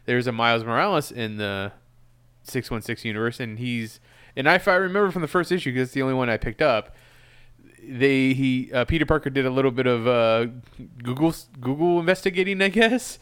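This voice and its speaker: A man's voice: mid-range voice, fairly quick, fairly bright tone, clear, resonant tone. A man co-hosting a podcast in casual chat, musing aloud and hesitating often. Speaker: podcast co-host.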